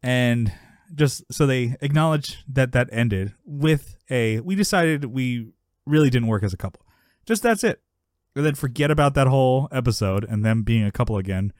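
Male podcast co-host, casual and animated, frequent laughs, mid-pitched, dry close sound. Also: normal speed, dry recording. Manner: animated, laughs often, acts out characters in a high yelling voice. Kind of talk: casual chat recapping a sitcom episode.

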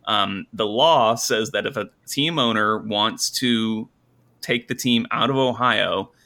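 A man with a fairly low voice and a bright, forceful tone co-hosts a casual sports podcast. He rambles through his stories with lots of "uh"s and restarts. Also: slow pace. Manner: rambling, lots of fillers and restarts, laughs often. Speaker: podcast co-host.

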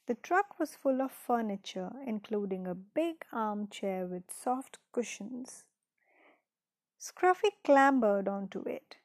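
A woman reading a children's story aloud in a gentle, unhurried way, dropping into soft whispered asides. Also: medium pitch, animated, dry recording.

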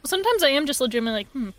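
A woman's voice: high-pitched, a bit bright. A woman playing in a tabletop game online, chatty with giggly asides. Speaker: player. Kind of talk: casual game chat.

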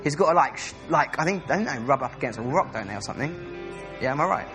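A young man with an English accent preaches in an eager, rambling way, often stumbling and restarting. His voice sits high and swoops up and down a great deal. Soft music plays faintly behind him. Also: quick pace. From England. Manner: excitable, animated, rambling with restarts. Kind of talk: sermon. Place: church service.

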